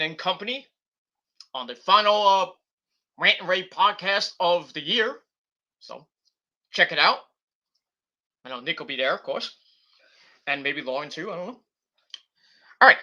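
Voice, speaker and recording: This wrestling reviewer speaks in a high, pushed, bright voice. Recording at his computer, he rambles through a profane, casual rant, fixing his own words as he goes.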